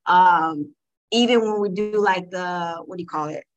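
Woman telling lively stories. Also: lowish voice, measured pace, dull audio. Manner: animated storytelling, acting out customers' lines. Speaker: panel guest. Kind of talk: casual podcast discussion.

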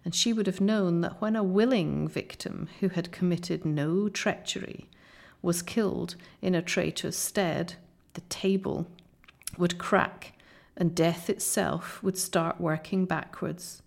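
Woman doing a wise, noble lion in a storybook, measured and slow, a slightly gravelly edge. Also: lowish voice, fairly even intonation, darkish tone. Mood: solemn. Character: great solemn male lion, wise and gentle. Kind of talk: audiobook reading.

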